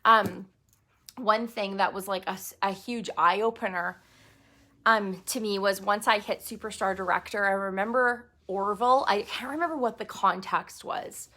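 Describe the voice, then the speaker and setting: A woman's voice: medium pitch, normal speed, bright, forceful tone. A woman giving a candid, emphatic motivational talk to her sales team, with fillers and mild swearing. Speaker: direct sales team leader.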